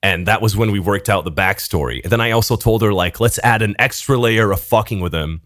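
A young man, a podcast co-host, telling an animated story in casual chat, swearing often and laughing between lines. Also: fairly low pitch, brisk, dry recording, clean studio sound.

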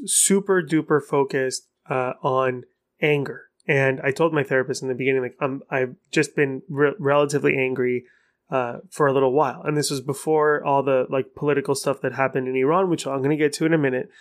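A man hosting his own podcast, talking alone in a rambling, frank way and cursing for emphasis. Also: on the high side. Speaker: podcast host. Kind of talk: casual solo podcast monologue.

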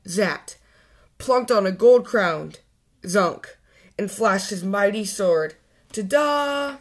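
A woman hosting a children's story channel, reading a picture book aloud clearly and expressively. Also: medium pitch.

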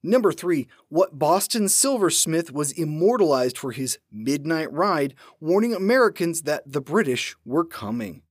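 A man's voice: fairly high pitch, unhurried, few pauses, dry recording, studio quality. A man hosting a trivia podcast, reading questions in a playful manner. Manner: animated, playful. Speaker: podcast host, trivia quizmaster.

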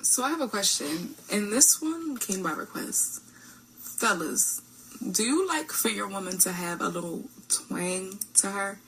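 A woman's voice: medium pitch, big pitch swings, measured pace, fairly bright tone, slight background noise, poor audio. A woman in a recorded clip, asking a question in a playful, teasing way.

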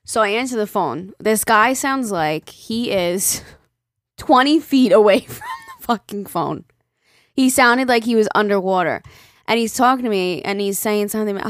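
A woman co-hosting a podcast in casual chat, telling stories with lively acted-out quotes. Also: mid-range voice, normal speed, no echo, studio quality. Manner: animated storyteller acting out quoted voices. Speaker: podcast co-host.

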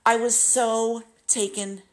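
A woman hosts her own podcast, telling personal stories at an unhurried, deliberate pace. She talks earnestly and slips into lively quoted voices of the people she recalls. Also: fairly high pitch. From United States. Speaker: podcast host. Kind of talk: personal storytelling monologue.

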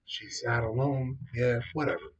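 A man's voice: medium pitch, steady tone, a little slow, highs cut off. A man hosting a casual show, reacting to news stories with dismissive, profane rambling full of fillers. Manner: dismissive, heavy swearing, rambling fillers like "yo" and "know what I mean". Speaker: host commenting on news stories. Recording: voice distant from the mic.

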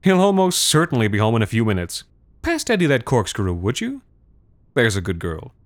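A man's voice: medium pitch, very animated, normal speed, no room sound, clean studio sound, natural voice. A man voicing a breezy, slightly tipsy suburban father who brushes off his daughter's worries in an airy, condescending way. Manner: airy, condescending, wine-soaked.

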